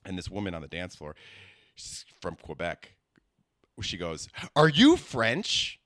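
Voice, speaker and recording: A man's voice: sits low, steady tone, measured pace, fairly bright tone, no echo, studio quality. A man who is a comedian hosting his own podcast, rambling through a comic monologue with lots of fillers and restarts. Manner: rambling, self-mocking, many fillers and restarts.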